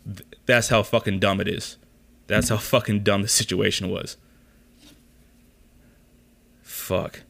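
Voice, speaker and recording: Exasperated, gravelly-voiced young man ranting. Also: on the low side, fairly even intonation, slow, long pauses, a bit bright. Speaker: podcast host. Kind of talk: casual storytelling rant.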